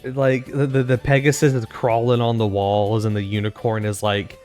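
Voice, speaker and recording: A man co-hosting a podcast in casual chat, joking and swearing with quick interjections. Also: mid-range voice, flat delivery, a little mellow, faint music behind. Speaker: podcast co-host.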